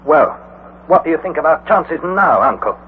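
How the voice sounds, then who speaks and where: An actor playing an excitable young male explorer who also narrates the story, measured in narration and alarmed in the scenes. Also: fairly high pitch, natural voice. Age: young adult. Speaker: narrator and nephew. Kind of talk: 1940s radio acting. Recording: tinny old radio broadcast, faint hiss.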